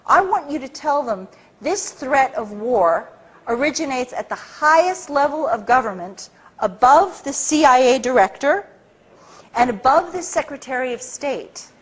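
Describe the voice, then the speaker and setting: A woman imitating an angry male government handler, ranting, swearing and bossy in her own husky voice. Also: high-pitched, lively intonation, measured pace, exaggerated voice. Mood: insistent.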